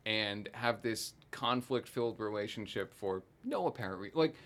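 A man co-hosting a casual film podcast, animated and laughing as he acts out reactions. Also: fairly low pitch, normal speed. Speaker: podcast co-host discussing a film. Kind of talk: casual chat.

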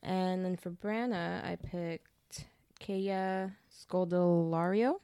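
A woman's voice: fairly low pitch, steady tone, takes it slowly, warm tone, clean tone, no room sound. A young woman co-hosting a podcast, chatting casually as she recaps a book plot with slang and frequent laughter. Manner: bubbly, laughs often, retells plot with slang. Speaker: podcast co-host.

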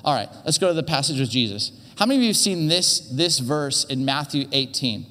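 A man's voice: on the high side, big pitch swings, brisk, hardly any pauses, sharp tone, big-room sound. A man, a teaching pastor, giving a conversational sermon in an earnest way, often restarting and repeating his words.

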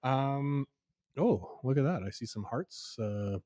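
A man's voice: mid-range voice, lively intonation, slow, dark tone, no room sound, clean studio sound. A man co-hosting a podcast, easygoing and steering the chat. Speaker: podcast co-host. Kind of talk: casual chat.

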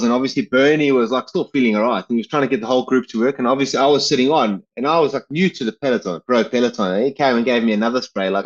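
A man's voice: mid-range voice, lo-fi sound. A man from South Africa, a professional cyclist, telling stories in a casual interview, rambling with many fillers and restarts. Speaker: guest, retiring pro cyclist.

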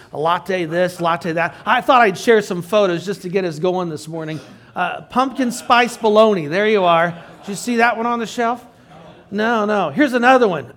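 A man's voice: high voice, a bit bright. A middle-aged male pastor preaching a sermon in a conversational way, with joking asides.

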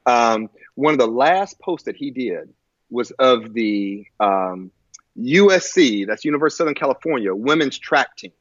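Guy with a husky voice telling a personal story, lots of ums and restarts, pitch jumps all over, muffled dry sound. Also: expressive, no room sound. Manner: halting, with many fillers and restarts. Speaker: guest. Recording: muffled lo-fi audio.

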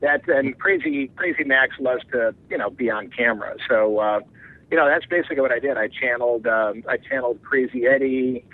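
A man's voice: medium pitch, a little fast. A man being interviewed as a guest, rambling and filling his talk with "you know". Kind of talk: casual phone interview. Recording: tinny phone line.

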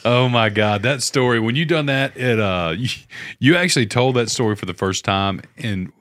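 A man hosting a podcast, talking loosely with swearing and quick laughter. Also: mid-range voice, fairly bright tone, no echo. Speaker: podcast host. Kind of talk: casual podcast chat.

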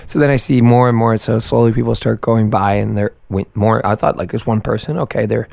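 A young Canadian man with a low voice that has gone hoarse tells a rambling story in casual podcast chat. He laughs often. The sound is dry and close. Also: little pitch movement, a little fast, a little mellow, no room sound. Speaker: podcast co-host.

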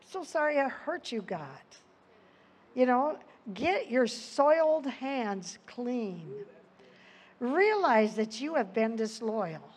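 A woman giving an earnest Bible teaching, reading scripture aloud with her own asides. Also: high-pitched. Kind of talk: sermon.

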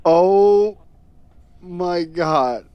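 A podcast host in an improvised comedy role-play, wailing and mock-sobbing melodramatically, with halting, stammering restarts. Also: mid-range voice, smooth, no room sound, highs cut off.

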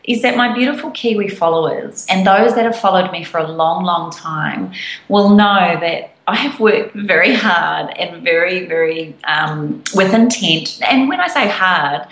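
A woman co-hosting a podcast, telling stories in an enthusiastic, animated way. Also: fairly low pitch, measured pace. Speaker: podcast co-host. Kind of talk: casual chat. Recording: echoey room.

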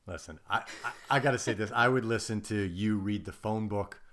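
A man's voice: fairly low pitch, fairly bright tone. American guy on a podcast, laid back storyteller, pokes fun at himself. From United States. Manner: self-deprecating storyteller, quick asides. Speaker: podcast guest. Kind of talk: casual chat.

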